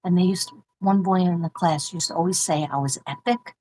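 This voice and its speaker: A middle-aged woman with a New York accent talks casually to her livestream viewers. Her voice sits a little low. She rambles from one story to the next and laughs often. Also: a little fast, darkish tone, a little hiss or hum, rough recording. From Staten Island, New York. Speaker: livestream host, former teacher. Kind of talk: casual livestream chat reading mail.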